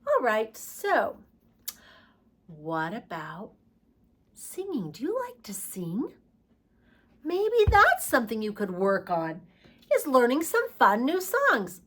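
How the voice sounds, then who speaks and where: A woman leads a preschool class in a high, sing-song voice with wide swoops of pitch. She speaks slowly and gently, asking the children simple questions. She breaks into short nursery songs along the way. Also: wildly swooping pitch. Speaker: preschool teacher.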